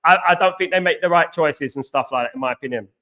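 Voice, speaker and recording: A young man hosting a casual football live stream, greeting viewers by name and repeating himself, his voice going hoarse. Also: on the high side, fast talker, sharp tone. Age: young adult.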